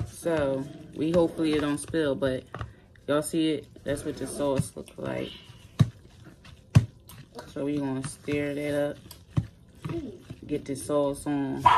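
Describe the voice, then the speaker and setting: A woman hosting a casual mukbang food challenge vlog, a little hoarse from a cold, chatting straight to her viewers. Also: sits low, takes it slowly, long pauses, heavy background noise. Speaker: mukbang vlogger.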